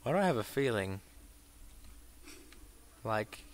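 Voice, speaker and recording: A young man giving crude, profane commentary over a shooter game, swinging between mumbled asides and shouted bursts. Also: lowish voice, very animated, slow, slight background noise. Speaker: gameplay commentator. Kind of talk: let's play commentary.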